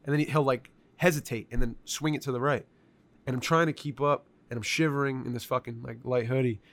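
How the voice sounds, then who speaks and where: A man telling a story in casual conversation, animated and profane, with lots of filler words. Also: medium pitch, brisk, vocal fry.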